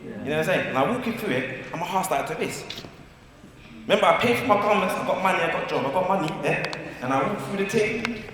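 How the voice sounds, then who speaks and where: A man speaking at a community forum, telling stories in lively slang and often asking if people follow him. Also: sits high, fast, a little hiss or hum. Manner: lively, storytelling, slangy, asks "you get me?". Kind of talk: animated community discussion. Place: large community hall. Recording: echoey hall, distant mic.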